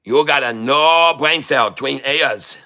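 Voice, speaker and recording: A man's voice: medium pitch, a little slow, bright, forceful tone. A man putting on an exaggerated fake Chinese accent in broken English, teasing and giggling between lines. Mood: mock stern.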